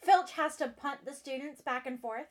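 A woman co-hosting a casual book chat, halting as she searches for words and amused at herself. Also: high voice. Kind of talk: casual chat about books.

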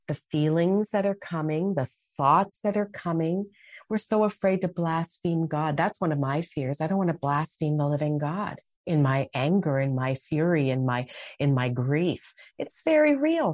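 A woman's voice: sits low, darkish tone, no echo. A middle-aged woman speaking passionately as a guest on a faith interview, acting out her own prayers and quotes. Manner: impassioned, dramatic acted-out quotes.

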